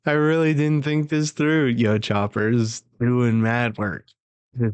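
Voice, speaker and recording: Slow-talking casual male reaction host. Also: medium pitch, fairly even intonation, clean tone, no echo. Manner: casual slang, laughing between remarks. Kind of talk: casual live reaction, reading aloud.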